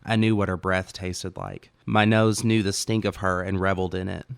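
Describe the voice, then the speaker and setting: Man narrating audiobook, deep voice, smooth and clear, dry close mic. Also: level tone, moderate pace, no room sound. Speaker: author reading own story.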